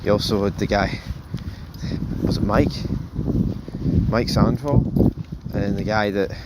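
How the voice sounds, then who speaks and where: A man's voice: lowish voice, slow, very noisy. Rambling man reviewing a show. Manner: rambling, animated, swears freely, addresses viewers as folks. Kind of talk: casual spoken review.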